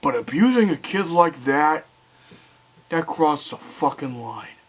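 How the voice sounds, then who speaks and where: A young man ranting heatedly to camera, swearing often and swinging between loud outbursts and quiet bitterness. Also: on the high side, lively intonation, slow pace, poor audio. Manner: heated, swearing, voice rising and falling sharply. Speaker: video commentator. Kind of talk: angry rant to camera.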